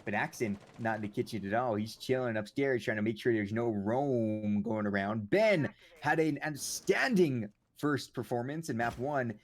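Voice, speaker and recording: Guy doing hype play by play for an esports match, goofy banter, normal pitched voice. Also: moderate pace, few pauses. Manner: excitable, jokey banter between calls. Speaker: esports caster.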